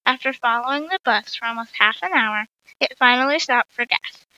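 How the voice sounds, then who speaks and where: A woman reading her own short story aloud in a lively way, in a dull, dry, lo-fi recording. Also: on the high side, moderate pace, no room sound. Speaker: story reader.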